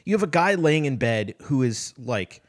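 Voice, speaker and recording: A man talks through a book in a relaxed podcast conversation. He reads passages aloud with deliberate sarcastic inflection, then breaks off to criticize the writing. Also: medium pitch. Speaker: podcast co-host. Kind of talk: casual book discussion, reading aloud.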